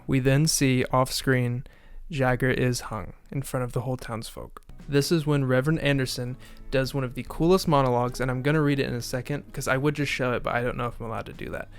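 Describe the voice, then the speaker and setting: Monotone man recapping an episode. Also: medium pitch, a little fast, soft background music. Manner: monotone delivery. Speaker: video essayist recapping a TV episode. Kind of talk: casual spoken episode recap.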